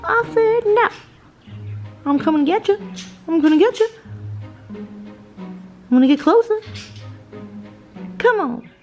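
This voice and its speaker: A woman voicing a pair of squabbling lovebirds, one pushy and smitten, in a squeaky, sing-song, teasing voice. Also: animated, slow, long pauses, a little mellow, soft background music, exaggerated voice. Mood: pleading, teasing.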